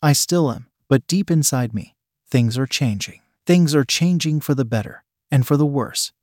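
A man's voice: medium pitch, normal speed, a little mellow, no room sound, studio quality. Man reading an erotic story. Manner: plain first-person reading. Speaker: story narrator. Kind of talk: erotic audiobook narration.

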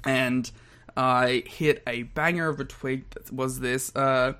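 A man, co-hosting a podcast in casual chat, lively and quick to laugh as he rambles through stories. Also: mid-range voice, clear, resonant tone. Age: 20s. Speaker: podcast co-host.

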